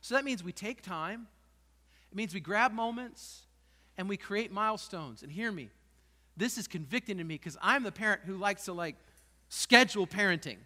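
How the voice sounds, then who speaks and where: A high, bright-voiced man preaches a passionate sermon, pushing his voice up to emphatic peaks. His words ring out with the long reverb of a church hall. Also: animated, normal speed. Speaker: pastor. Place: church sanctuary.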